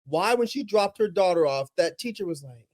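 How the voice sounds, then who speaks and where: A woman's voice: lowish voice, animated, normal speed, darkish tone. A woman co-hosting a movie review podcast, talking expressively and acting out reactions with laughter. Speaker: podcast co-host. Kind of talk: casual movie review chat.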